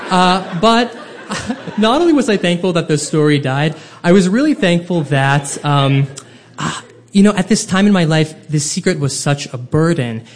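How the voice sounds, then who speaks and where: A man with a fairly high voice tells a funny personal story to a live audience from a stage. He talks in a comic, self-deprecating way and keeps the telling lively and animated. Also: normal speed.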